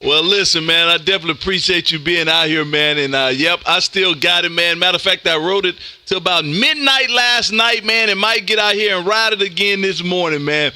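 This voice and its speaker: A man from Texas, a ham radio operator streaming live, talking loud and energetic as he makes contacts and calls "man" after almost every phrase. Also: high voice, fairly quick, few pauses. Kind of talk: on-air radio contacts and chat. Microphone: close studio mic with headphones.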